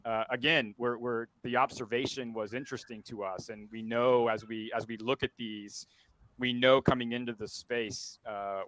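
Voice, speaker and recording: A man on a webinar panel speaking into a headset boom mic over a video call, halting and full of restarts. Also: a bit bright, rough recording. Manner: halting, many restarts and fillers. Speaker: company representative on a panel.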